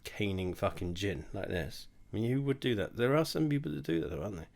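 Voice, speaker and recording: A tipsy young man talks his way through a drinks tasting in a low voice. He rambles and swears freely, and mocks his own efforts as he sips. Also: big pitch swings, quick pace, creaky, darkish tone. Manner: rambling, sweary, self-mocking. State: drunk. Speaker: host of a drinks tasting video. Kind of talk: casual tipsy tasting monologue.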